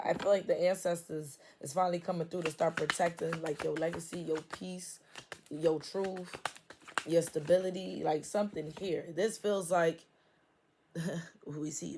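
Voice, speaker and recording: A woman's voice: on the low side, dark tone, a little hiss or hum. A woman giving a casual tarot reading, blunt and full of swearing, laughing often. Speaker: tarot reader. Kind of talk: casual spiritual reading, profane and playful.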